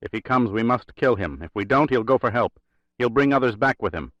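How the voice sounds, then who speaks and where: A man's voice: mid-range voice, lively intonation, brisk, fairly bright tone, dry recording, natural voice. Male narrator doing a russian spy, audiobook, urgent, terse, guarded, dry dull sound. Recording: dry, slightly dull recording.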